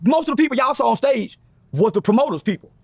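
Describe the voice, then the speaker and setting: A man's voice: very high voice, quick pace, vocal fry, dry recording. A man telling a story casually and profanely, acting out other people's lines as he goes. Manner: animated, profane, acts out quoted voices. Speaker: guest.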